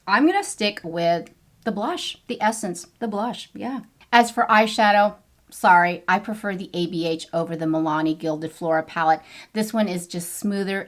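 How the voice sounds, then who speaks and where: Bubbly middle-aged woman reviewing makeup. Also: mid-range voice. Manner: bubbly, chatty, with playful exclamations. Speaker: beauty vlogger. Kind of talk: casual makeup review to camera.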